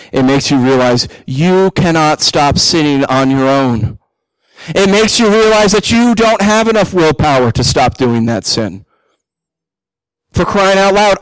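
Animated male pastor preaching a sermon. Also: on the high side, no room sound, rough recording. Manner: animated, acts out believers' inner voices. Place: church.

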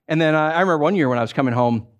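Male pastor, middle-aged, lively sermon delivery, slightly higher voice, storytelling with restarts. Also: rapid-fire, clean tone. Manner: animated storytelling with many restarts and acted asides.

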